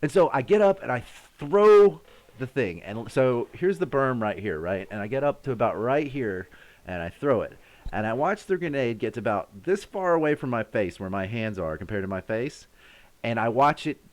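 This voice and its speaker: Animated man telling a war story. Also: medium pitch, normal speed. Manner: animated, acts out sounds and his own shouts. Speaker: live stream host. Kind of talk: casual storytelling to a live chat.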